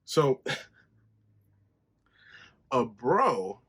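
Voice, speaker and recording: Animated, profane man telling a story. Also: very slow, slightly rough. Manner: animated storytelling, profane, jumps to high pitch when quoting himself. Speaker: podcast host. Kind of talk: casual solo podcast monologue.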